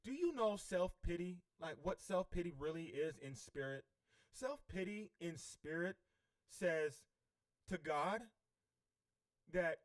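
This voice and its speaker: A man's voice: sits high, lively intonation, slow pace, long pauses. A man coaching on spiritual healing in a livestream, preachy and repeatedly checking in with "okay?". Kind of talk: livestream teaching.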